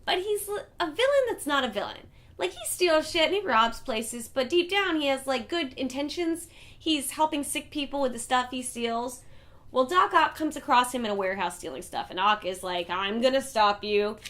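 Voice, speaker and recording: Woman host, comic reviewer, slightly high voice, loose, profane, animated delivery. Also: moderate pace. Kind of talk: casual review vlog.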